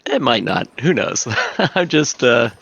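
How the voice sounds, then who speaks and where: Low, gravelly male player, hesitant, muffled recording. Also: big pitch swings, measured pace, fairly bright tone, no echo. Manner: hesitant, trailing off. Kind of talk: casual chat. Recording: muffled, noisy home recording.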